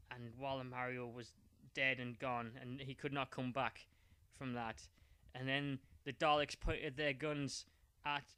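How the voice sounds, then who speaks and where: A man's voice: fairly high pitch, fairly bright tone, clear, resonant tone, no room sound. A man telling an improvised fan-fiction story in a rambling, playful way.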